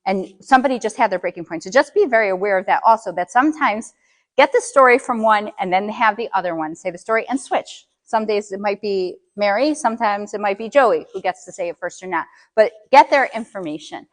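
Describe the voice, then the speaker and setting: A woman's voice: medium pitch, lively intonation, brisk. A middle-aged woman coaching parents in a live workshop, checking in with the audience with frequent questions.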